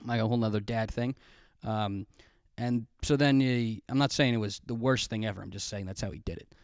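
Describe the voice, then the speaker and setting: A man's voice: lowish voice, a little fast, clear, resonant tone, no room sound, studio quality. Rambling, profane young man telling a story. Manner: rambling, profane, self-mocking, laughs often. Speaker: podcast host. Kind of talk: casual storytelling monologue. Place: home room, recorded on camera. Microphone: camera mic.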